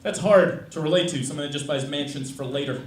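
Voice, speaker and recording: A man performing a stand-up comedy set, dry and deadpan at first, then building to loud yelling. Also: on the high side, fast talker, noisy background. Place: comedy club stage. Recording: roomy, distant live club recording with loud crowd. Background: loud audience laughter.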